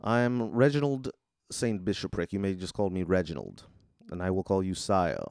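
A man's voice: sits low, animated, moderate pace, gravelly, darkish tone, dry recording, studio quality, voice pushed down. A man voicing a formal British robot butler with a put-on British accent. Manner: formal, courteous.

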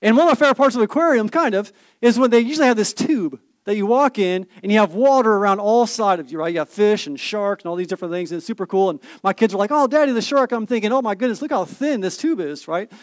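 Pastor, man, high and very animated delivery, playful preaching with rhetorical questions. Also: fast, hardly any pauses, dry recording, studio quality. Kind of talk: sermon.

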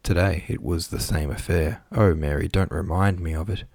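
Hot-tempered, remorseful landowner husband; a man reading his lines, low and dry. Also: steady tone, moderate pace, vocal fry, darkish tone, slightly rough, no room sound, exaggerated voice. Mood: earnest remorse. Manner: heated then contrite.

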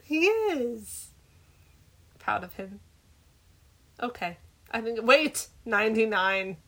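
A woman's voice: fairly high pitch, animated, slow pace, fairly bright tone. A woman co-hosting a casual movie chat, giggly and easily amused. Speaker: podcast co-host.

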